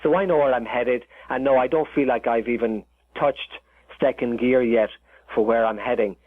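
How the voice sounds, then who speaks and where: A man's voice: mid-range voice, fairly even intonation, normal speed. A man being interviewed as a guest chef, talking in an earnest, rambling way with lots of fillers. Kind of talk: casual interview chat. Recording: tinny phone line, dry.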